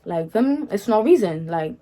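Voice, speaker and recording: A young woman with a warm, mid-range voice tells her viewers a personal story at a moderate pace, sounding expressive. As a storytime vlogger she talks to them directly in a sassy, slangy, dismissive manner, regularly asking "feel me?".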